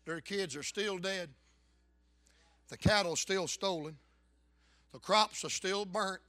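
A man preaching a fervent revival sermon, bursting into loud shouts. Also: high-pitched, slow pace, no echo.

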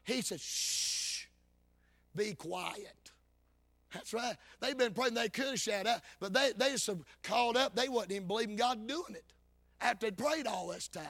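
This man, a Baptist preacher, gives a sermon in a fervent, folksy style, moving from loud calls to quiet asides. He speaks at normal speed with a very high, bright, forceful voice.

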